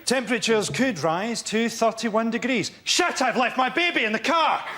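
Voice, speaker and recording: A man comedian on a panel show, delivering deadpan one-liners as a mock weather forecast. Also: very high voice, moderate pace, heavy background noise.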